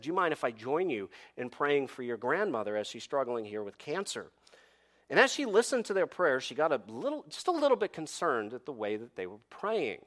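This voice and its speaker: A pastor delivers his sermon in a bright, forceful voice pitched a little above the usual for a man. He drops to soft asides and swells on quoted verses, leaning on pauses and questions to the listeners. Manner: expressive preaching with dramatic pauses and rhetorical questions.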